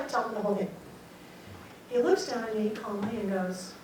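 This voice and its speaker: A woman's voice: fairly high pitch, moderate pace. Older woman storyteller in an echoey hall. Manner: animated, acts out her own quoted thoughts and laughs. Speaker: guest speaker. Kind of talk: personal storytelling talk. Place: meeting room at a talk. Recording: very echoey hall, mic far off, faint hiss.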